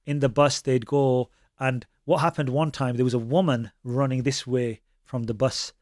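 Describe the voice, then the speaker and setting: A man's voice: medium pitch, steady tone, normal speed, a little mellow, no room sound, studio quality. A man, a Sikh preacher telling stories in conversation and mixing Punjabi phrases into his with frequent restarts. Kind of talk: conversational storytelling.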